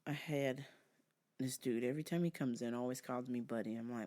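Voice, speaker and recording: A woman hosting a podcast, telling comedic stories in an animated, profane way with frequent laughter. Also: rumbling low, fairly quick. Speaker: podcast host. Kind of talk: comedic storytelling.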